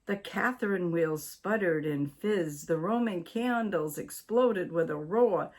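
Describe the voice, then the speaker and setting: An older woman from Maine reading a children's story aloud in a slow, deliberate way. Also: fairly low pitch, a little mellow. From Maine, USA.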